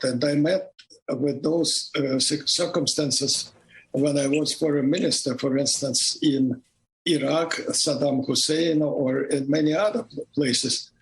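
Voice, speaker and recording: A man with a Russian accent, a former diplomat speaking in an interview clip, halting with many restarts. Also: fairly high pitch, rough recording. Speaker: former foreign minister, interview guest. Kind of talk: interview clip played on radio.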